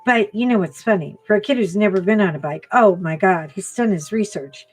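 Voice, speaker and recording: A woman's voice: mid-range voice, brisk, breathy edge, soft background music. Chatty woman telling stories while coloring. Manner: chatty storytelling, laughing, drifts softer while working. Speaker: coloring channel host. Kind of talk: casual chat while coloring.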